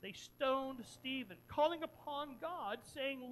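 A pastor preaching a sermon, retelling a story dramatically with repeated phrases, moving between loud emphasis and quiet earnest questions. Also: mid-range voice, expressive, measured pace, slight background noise, rough recording.

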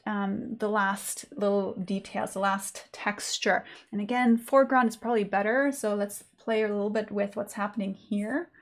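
Woman art teacher, chatty and informal, lots of um and like, live sketch class. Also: on the high side. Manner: chatty, informal, many fillers. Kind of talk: live online drawing lesson.

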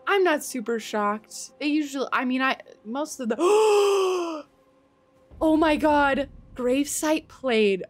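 Woman streamer, high voice, swoops widely, unhurried, excitable, gasping. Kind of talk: live gameplay streaming.

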